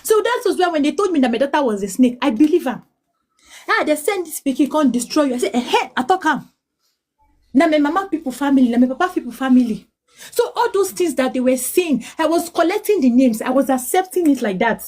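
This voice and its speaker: A high, bright voice with lively intonation belongs to a Nigerian woman in her late thirties who talks fast while sharing her hard life story. Switching between English and Pidgin, she pleads and starts over often, her words rushing out emotionally in this personal testimony.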